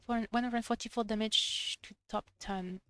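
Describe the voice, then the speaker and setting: Excitable woman streaming a shooter game. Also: a little high, moderate pace, clear, resonant tone, dry recording. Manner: chatty, excitable, talks to herself while playing. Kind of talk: live gameplay commentary.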